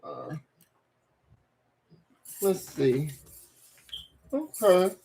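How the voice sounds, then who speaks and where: A woman hosting a live tarot stream on a webcam mic from home, excitable and laughing often as she chats casually with her viewers. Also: lowish voice, drawn-out words, vocal fry, a little hiss or hum. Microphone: webcam microphone.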